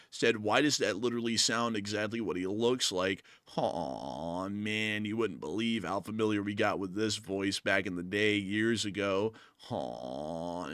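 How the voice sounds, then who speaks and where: A low, slumped voice for a sad-sack cartoonish fly, as a man puts him on, groaning and sighing through every line. He sounds dropped well below his own range and half-muttered, as if everything is hopeless. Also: a bit bright, smooth, no echo, clean studio sound. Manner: groaning, sighs "aw, man" over and over. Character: gloomy washed-up male fly, self-pitying.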